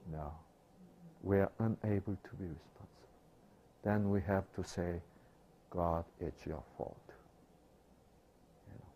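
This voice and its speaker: A middle-aged male pastor preaching a sermon, asking rhetorical questions and swinging from loud to hushed. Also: mid-range voice.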